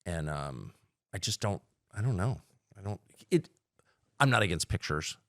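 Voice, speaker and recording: A middle-aged man talks bluntly as a podcast guest, his very low voice rough with gravel. He voices strong opinions and often restarts his sentences. The sound is close and dry, with no room echo. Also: sing-song, moderate pace, a bit bright. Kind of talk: casual chat.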